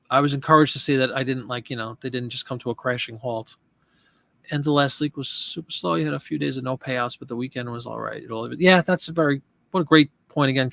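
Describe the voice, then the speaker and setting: A man's voice: mid-range voice, creaky, fairly bright tone, no room sound. A man hosting a live chat show, talking casually and rambling with restarts and asides.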